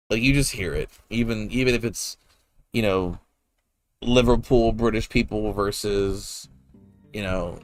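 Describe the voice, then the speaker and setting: A man's voice: fairly low pitch, fairly bright tone. A man casually commenting while playing a video game, rambling and laid-back with lots of fillers and the odd swear word. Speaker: gameplay streamer.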